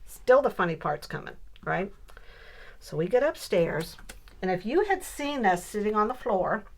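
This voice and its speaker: A woman in her sixties telling a funny family story in a casual, animated way while she works on a scrapbook page. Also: medium pitch, normal speed. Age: 60s. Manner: animated storyteller who builds to punchlines. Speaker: scrapbooking crafter.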